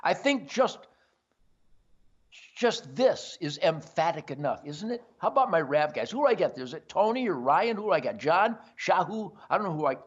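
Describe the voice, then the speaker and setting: Older male host, brash and boisterous, lively swinging pitch, raised voice, dull lo-fi sound. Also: normal speed, husky. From Detroit area. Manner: boisterous, brash, self-promoting. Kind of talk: rambling monologue. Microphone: earpiece.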